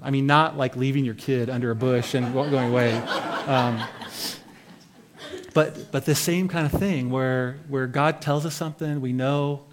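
A man giving an informal devotional Bible teaching, reading scripture aloud and then commenting in a loose, conversational way. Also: medium pitch.

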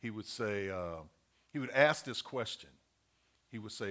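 A man's voice: lowish voice, unhurried, sharp tone. A middle-aged man preaching a sermon, earnest and repeating his key points as he works through a numbered list.

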